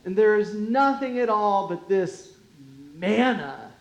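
A preacher voicing a whiny, grumbling crowd longing for old food, reading it in a drawn-out complaining tone. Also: medium pitch, animated, a little mellow. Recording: roomy echo.

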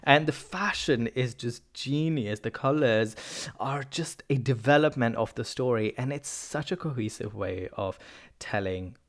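A man hosts his own podcast in a loose, chatty way. He gushes with enthusiasm, stops to fix his own words, and keeps his pitch in a middle range. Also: measured pace. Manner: enthusiastic, chatty, self-correcting. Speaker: podcast host. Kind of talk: casual solo podcast recommendations.

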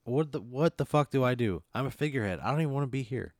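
A man's voice: mid-range voice, lively intonation, fast talker, darkish tone, dry recording, studio quality. A man playing in a casual role-play game, blunt and incredulous, swearing often. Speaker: player.

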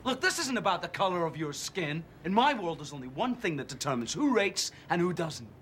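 A high, lively, sneering tough guy who mocks and jeers. The TV clip carries an audible noisy hiss beneath him. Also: a little fast. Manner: mocking, crude. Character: sneering, bigoted male undead bar tough. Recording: TV audio clip with noise.

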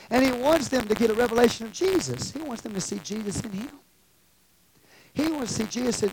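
Pastor preaching hard, voice jumping all over, goes quiet then yells. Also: mid-range voice, a little hiss or hum, rough recording. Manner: emphatic, swings from quiet to shouting. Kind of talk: sermon.

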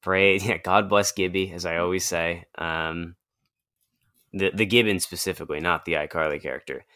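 A man co-hosting a podcast, talking in a tired, deadpan, rambling way. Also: sits low, normal speed, clean tone. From Virginia. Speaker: podcast co-host. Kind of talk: casual chat.

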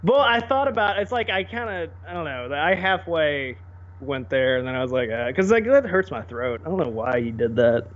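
A man co-hosting a podcast in casual chat, animated and quick to laugh and put on voices. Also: fairly high pitch. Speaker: podcast co-host. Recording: dull lo-fi audio.

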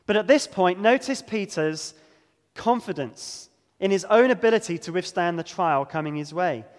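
A man preaching a sermon, earnest and emphatic, slowing down to stress key words. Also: sits high, in a large hall.

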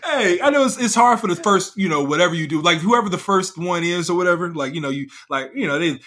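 Man, casual co-host, high lively voice, bright and a bit husky, loose rambling delivery. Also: fast talker. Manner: rambling, animated, heavy use of "like" and "bro". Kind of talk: casual chat.

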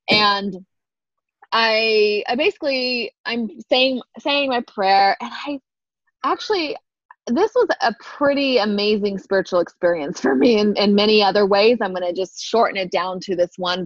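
A woman co-hosting a faith podcast, telling a story in an animated way and acting out the dialogue. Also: mid-range voice, no room sound, muffled recording. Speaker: podcast co-host. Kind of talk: casual faith podcast chat.

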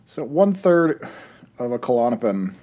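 A man's voice: medium pitch, very animated, measured pace, warm tone. A man from West Virginia co-hosting a podcast in casual, jokey, rambling chat. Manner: rambling, jokey, self-deprecating. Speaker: podcast co-host.

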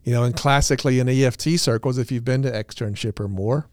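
A man's voice: mid-range voice, fast, a little mellow, dry recording. A man co-hosting a therapy podcast, explaining ideas in an earnest, easygoing way with dry self-deprecating humor. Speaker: podcast co-host, couples therapist. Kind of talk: casual podcast talk.

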